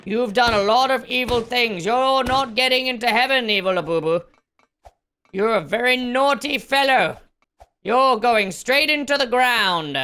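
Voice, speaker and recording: A woman's voice: on the high side, measured pace, pushed and bright, clear, resonant tone. A woman voicing a solemn, godlike male creature who passes stern, mock-grand judgments.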